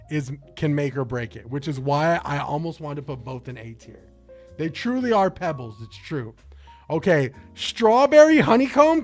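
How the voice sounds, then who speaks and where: A young man streaming, chatting casually and excitably with his chat, full of slang, swearing and jokes. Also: fairly high pitch.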